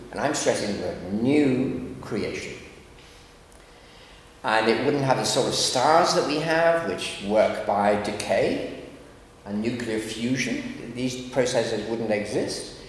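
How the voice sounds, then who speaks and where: A man, a philosopher, giving a lively, wry lecture full of asides. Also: mid-range voice. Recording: echoey lecture hall with faint background noise.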